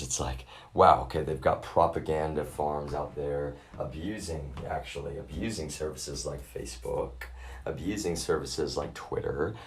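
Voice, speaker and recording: A man's voice: a bass voice, a little hiss or hum. A man livestreaming a profane, rambling rant, talking to his chat as "y'all" in an agitated way. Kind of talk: ranting live stream monologue.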